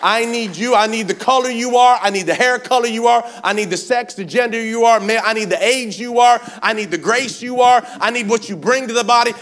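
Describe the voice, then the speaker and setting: A male pastor preaching a sermon at a church service, fervent and urging, swinging between shouted exhortation and quiet speech. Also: very high-pitched, fairly quick, hardly any pauses. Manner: fervent, repeatedly urges the congregation with "come on".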